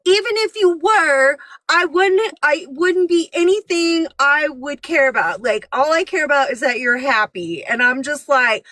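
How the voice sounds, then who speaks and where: A woman's voice: sits high, a little slow, few pauses, no room sound. A woman in her thirties, a parent, chatting casually and acting out quotes as she tells stories. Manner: animated storyteller who acts out quotes. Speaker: parent telling stories on a podcast. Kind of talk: casual chat.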